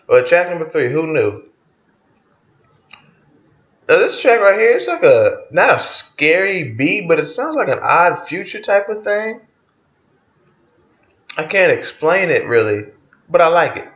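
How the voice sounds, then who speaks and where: A man's voice: on the high side, big pitch swings, unhurried, pauses often, fairly bright tone, roomy sound, lo-fi sound. A man giving a casual spoken album review, loose and profane as he retells songs track by track.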